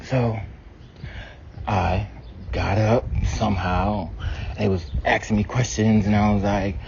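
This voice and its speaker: A man praying aloud to his ancestors, telling stories bluntly and candidly with constant swearing and sudden rises in pitch and loudness. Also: slow pace, creaky, slight background noise. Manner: blunt, heavy swearing, storytelling; animated shifts in pitch and loudness. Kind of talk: candid spoken prayer to ancestors. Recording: dull lo-fi sound with faint ambience.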